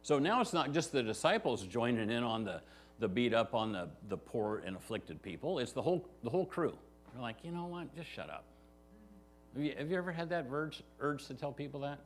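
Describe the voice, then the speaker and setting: Man, pastor, conversational sermon, animated pitch, middle voice, frequent "right?". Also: brisk, slight background noise. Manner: conversational, often asks "right?" to the congregation. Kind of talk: verse-by-verse sermon. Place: church sanctuary.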